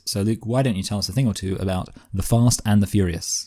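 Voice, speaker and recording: A man's voice: on the low side, quick pace, hardly any pauses, warm tone, dry recording. A man hosting a podcast, making dry, wry quips in casual chat. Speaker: podcast host.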